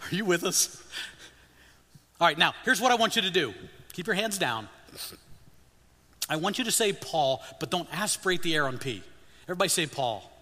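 An older man preaching a sermon as a missionary, animated and humorous, leading the congregation in call-and-response. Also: high-pitched, moderate pace, long pauses. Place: church sanctuary. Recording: long reverb of a church hall.

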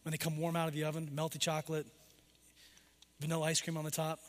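A middle-aged man preaching a sermon, rising for emphasis and then dropping low and soft. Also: completely flat delivery, fast, in a large hall. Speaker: pastor.

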